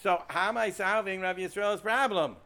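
Speaking at normal speed in a smooth, sharp-toned voice that sits high, an American Torah teacher gives his students a casual lecture. He wanders off topic, repeats himself, and quizzes the class.

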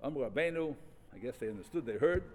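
A man teaching a Talmud class, reading passages and restating them in animated, repeated phrases. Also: medium pitch, quick pace, big-room sound. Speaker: Torah teacher.

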